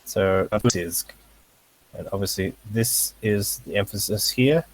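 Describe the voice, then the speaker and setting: A man leads a relaxed lesson over a voice call. His voice sits fairly low and he speaks at a slow, deliberate pace, pausing on fillers and breaking into short laughs as he goes. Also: rough recording. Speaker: language teacher. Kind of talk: casual online lesson.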